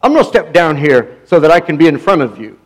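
A man's voice: high voice, expressive, fairly quick, poor audio. A man pastor quoting a stern older English preacher in a sermon, blunt and insistent.

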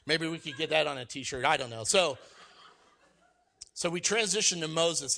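A man preaching a sermon, energetic and emphatic, swinging from loud exclamations to quiet asides and acting out quoted lines. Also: a little high, moderate pace, creaky, long pauses. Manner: acts out quoted voices and jokes with the congregation. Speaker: pastor.

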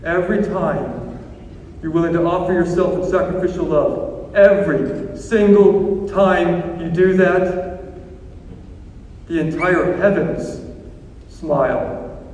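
Animated priest in an echoey hall. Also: male voice, high voice, slow, pauses often, slight background noise. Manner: animated, swings from shouting to hushed. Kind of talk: sermon. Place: large church. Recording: echoey church hall from far off.

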